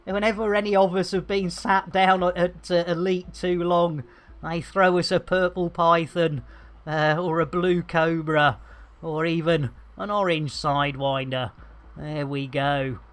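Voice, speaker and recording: A man's voice: a little high, steady tone, a little slow, a bit bright. Jokey man streaming a game. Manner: jokey, rambling banter with cheeky asides. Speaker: livestream host. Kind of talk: live gameplay commentary.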